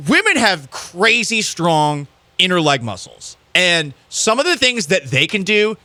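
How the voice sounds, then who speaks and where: A man's voice: on the high side, bright, forceful tone, no room sound. A man hosting a sports talk show, telling rambling, self-mocking stories in casual chat. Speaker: sports podcast host.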